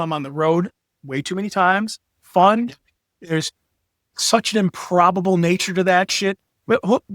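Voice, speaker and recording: A middle-aged man telling stories in casual chat, his voice pitched high and full of swearing and acted-out quotes. The recording is close and dry, with no room sound around him. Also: no room sound. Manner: animated storyteller, profane, acts out quotes. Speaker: podcast guest, graphic designer.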